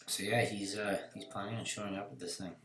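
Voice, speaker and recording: Man, casual podcast chat, swearing and laughing, low voice. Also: a bit bright, echoey room. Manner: laughing, swearing, loose storytelling. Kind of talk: casual chat, telling jokes.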